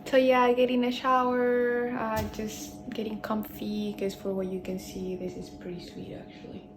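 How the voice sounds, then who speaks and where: A woman's voice: a little high, little pitch movement, moderate pace. A woman chatting casually on a road-trip travel vlog, loose and rambling, often trailing off and restarting her thoughts. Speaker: travel vlogger. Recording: outdoor recording with clear background noise.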